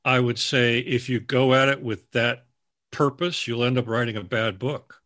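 A book editor answers interview questions earnestly, telling anecdotes and acting out the people he quotes. His medium-pitched voice is fairly bright with fairly even intonation at a moderate pace, recorded dry in studio quality.

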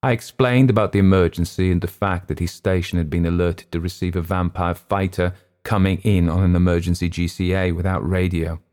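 A man reading a first-person thriller audiobook in a measured, understated manner. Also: low-pitched, fairly even intonation, darkish tone. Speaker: audiobook narrator.

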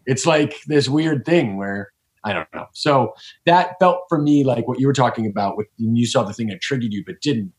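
A man's voice: medium pitch, normal speed. Reflective man rambling with many restarts. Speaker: podcast guest. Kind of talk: casual conversation.

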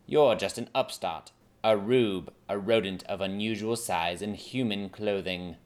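A ruthless young queen from a comic fantasy story, haughty and sneering, as a man puts her on. She schemes coldly and looks down on everyone. The tone stays low and close. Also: measured pace, a little mellow, lightly acted.

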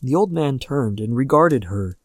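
A man narrating a classic horror story aloud with measured, steady storytelling. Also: mid-range voice, dry recording, clean studio sound.

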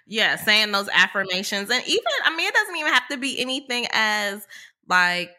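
A woman co-hosting a faith podcast, guiding the talk with questions and warmly agreeing. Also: mid-range voice, sing-song, normal speed. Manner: affirming, guides the talk with questions, many small agreements. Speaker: podcast co-host.

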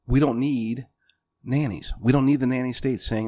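A man's voice: medium pitch, steady tone, moderate pace, dark tone. Emphatic male political commentator. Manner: emphatic, punchy, addresses listeners as folks.

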